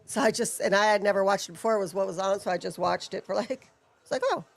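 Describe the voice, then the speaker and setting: A woman's voice: medium pitch, steady tone, quick pace, creaky. A woman co-hosting a live watch-along stream, chatting casually and upbeat, calling out viewers. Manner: upbeat, reads out viewer names.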